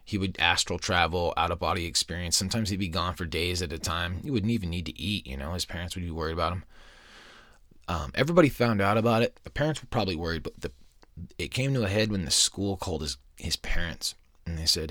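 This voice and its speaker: A man's voice: low voice, a little fast, a bit bright, no room sound, clean studio sound. A man hosting a podcast, telling paranormal stories in a casual, rambling and heavily profane way, often breaking off mid-thought. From United States. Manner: profane, rambling, self-interrupting. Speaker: podcast host.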